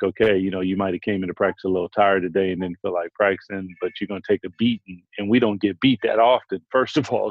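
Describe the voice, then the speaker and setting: Low-voiced man telling a story haltingly. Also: gravelly, husky, dry recording, dull audio. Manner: halting, with many restarts and repeated words. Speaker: former pro basketball player, guest. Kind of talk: casual conversation, storytelling.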